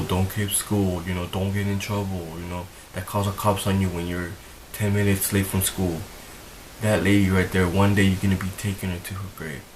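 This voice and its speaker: Deep, flat-voiced young man vlogging. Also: a little hiss or hum, poor audio. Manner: emotional, rambling, repeats himself. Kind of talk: earnest talk to camera.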